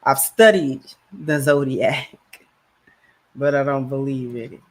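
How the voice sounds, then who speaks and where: A woman's voice: extremely low pitch, slow. A woman hosting a livestream, talking casually in a slangy, rambling way on a camera mic. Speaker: livestream host.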